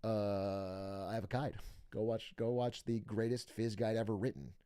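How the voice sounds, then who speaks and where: A man's voice: lowish voice, steady tone, normal speed, dark tone, clear, resonant tone. A young man streaming, chatting casually with viewers in a rambling, profane way and laughing often. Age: young adult.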